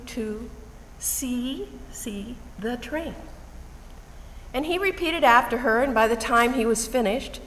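An older woman giving an earnest Mother's Day message, telling family stories in a measured way. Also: on the high side, bright, forceful tone. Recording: reverberant hall with faint noise.

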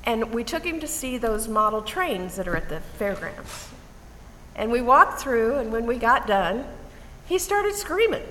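An older woman giving an earnest Mother's Day message, telling family stories in a measured way. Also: on the high side, sing-song, fairly bright tone. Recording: reverberant hall with faint noise.

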